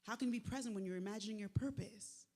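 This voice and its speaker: A woman giving a live motivational faith talk, conversational and lively, with slangy asides to the crowd. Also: medium pitch, quick pace. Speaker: speaker at a faith event. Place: large venue, live event. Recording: echoey hall with long reverb.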